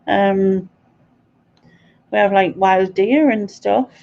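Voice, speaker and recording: A woman's voice: medium pitch, slow, vocal fry, warm tone. A woman from the UK hosting a live chat, talking casually and giggling often. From United Kingdom. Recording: dull lo-fi stream audio with faint background noise.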